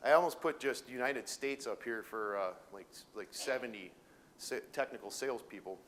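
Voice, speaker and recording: Male presenter at a mid pitch, halting and full of fillers, walking instructors through a company's training tools. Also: fairly bright tone, a little hiss or hum. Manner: halting, restarts with many fillers.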